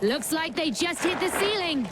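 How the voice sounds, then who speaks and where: A woman's voice: very high voice, lively intonation, moderate pace. A woman giving teasing commentary on a competition game. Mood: wry. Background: loud music.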